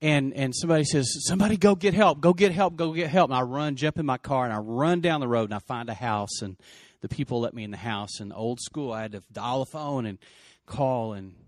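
A man's voice: medium pitch, brisk, few pauses, dry recording, clean studio sound. A middle-aged man earnestly retelling an emotional story, with many restarts. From West Texas. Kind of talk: personal storytelling.

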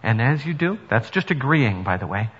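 A man's voice: medium pitch, big pitch swings, moderate pace, a bit bright, husky. A male pastor giving an earnest sermon that rises to emphatic preaching in a church. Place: church sanctuary. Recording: dull sound with long reverb in a hall.

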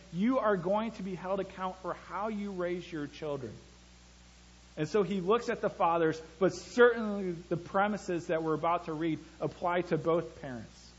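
A man's voice: sits high, slightly rough. A man, a pastor with young sons, preaching a sermon in a conversational way and telling stories from family life. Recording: dull lo-fi church recording.

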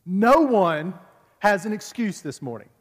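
A man with a notably high voice preaches a sermon at a church service, chatty and conversational, doubling back on words as he presses his point. His voice rings out with a long reverb, as if carried through a big hall. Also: very animated, unhurried. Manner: conversational, repeats words while building a point. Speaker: pastor.

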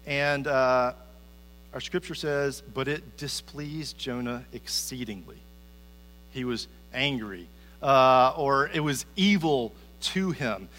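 A man's voice: mid-range voice, slow, fairly bright tone, faint music behind. A man giving a conversational sermon as a pastor, often repeating his first word as he starts a sentence. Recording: reverberant hall with faint mains hum.

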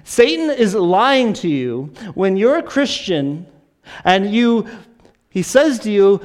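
A man's voice: sits high, sing-song, slow, a little mellow. A man preaching a sermon, earnest and insistent, often repeating a word as he presses a point. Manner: earnest, repeats words when stressing a point.

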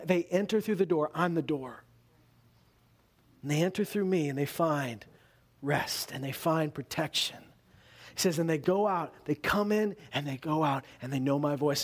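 A man from Canada preaching a sermon as pastor, earnest, dropping to hushed tones when he quotes scripture. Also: high-pitched.

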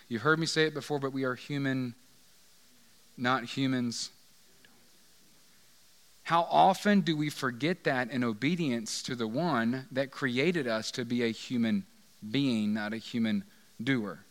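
A man's voice: medium pitch, unhurried, a bit bright, long reverb tail. A man preaching a sermon in a conversational way, often asking the listeners rhetorical questions. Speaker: pastor.

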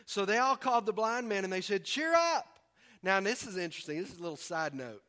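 A man from the preaching a sermon, animated and acting out voices with humor. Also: sits high, fast talker. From American South. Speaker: pastor.

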